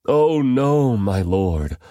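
A man's voice: low voice, animated, normal speed, a little mellow, no room sound, clean studio sound. A man reading the anxious, pleading words of a frightened host.

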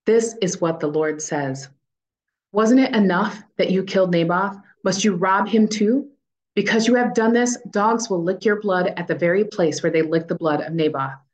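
A woman reading the words of a stern prophet delivering judgment, slowly and solemnly. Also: medium pitch, close to an everyday voice, poor audio.

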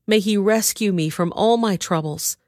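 A woman's voice: medium pitch, moderate pace, darkish tone, no room sound, studio quality, voice pushed up, lightly acted. A woman voicing the young man David in a Bible reading, with an earnest, raised voice.

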